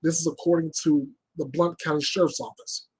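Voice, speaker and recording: A man's voice: a little high, flat delivery, brisk, husky. A man hosting his own news show, reading reports and giving blunt, emphatic commentary.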